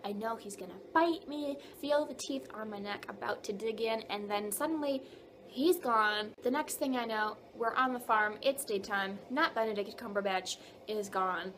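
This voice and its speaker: A young woman with a fairly high voice tells a long dream story straight to her camera. She rambles loosely, leaning on fillers as the tale tumbles out. A faint hiss of noise sits under her voice. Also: normal speed. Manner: rambling, filler-heavy, animated retelling of a dream. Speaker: vlogger. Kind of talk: casual storytelling.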